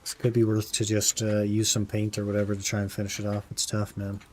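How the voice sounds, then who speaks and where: A man's voice: fairly low pitch, monotone, a little fast, a little mellow, slight background noise. Laid-back young male game streamer. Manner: laid-back, says "man" often, answers chat. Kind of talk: casual live-stream chat while gaming.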